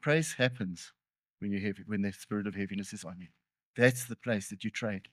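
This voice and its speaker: A man's voice: fairly low pitch, fairly quick, no room sound. A man preaching a sermon in a conversational way, with earnest emphasis and joking, self-deprecating asides. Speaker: pastor.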